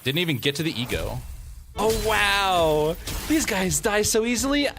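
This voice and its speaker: A man's voice: high voice, big pitch swings, a little slow. A man streaming a game, joking and laughing as he comments. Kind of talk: let's play commentary. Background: game music.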